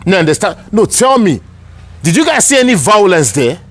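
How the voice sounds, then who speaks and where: A man's voice: high-pitched, sing-song, moderate pace, fairly bright tone. A man with a Nigerian accent giving heated, angry political commentary, ranting and repeating himself. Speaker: online news commentator.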